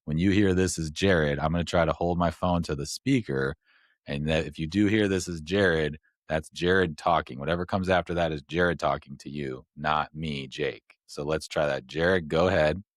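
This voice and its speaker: Brief: male podcast host, extremely deep voice, rambling casual explainer, dry close sound. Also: moderate pace, no room sound. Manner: rambling, explains step by step with fillers.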